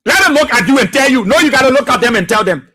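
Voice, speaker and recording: Give me a man hosting a radio talk show. His voice sits very high and comes out husky and breathy. He delivers fiery political commentary and hammers his points home by repeating phrases. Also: lively intonation, very fast, sharp tone. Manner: preachy, impassioned, repeats phrases for emphasis.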